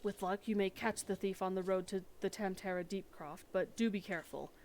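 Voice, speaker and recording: A woman's voice: mid-range voice, fairly even intonation, fairly quick, darkish tone, natural voice. A woman reading the part of a formal, anxious male noble who breeds chocobos, in old-fashioned speech, for a game. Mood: earnest.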